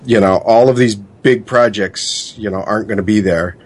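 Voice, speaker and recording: A man's voice: lowish voice, moderate pace, breathy edge. A man on a gaming podcast panel, making his point in a matter-of-fact way.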